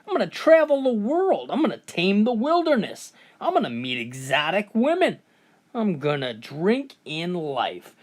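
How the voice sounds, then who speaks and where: A woman's voice: medium pitch, wildly swooping pitch, a little slow. A woman voicing a cheeky, mouthy young boy with blunt punchlines.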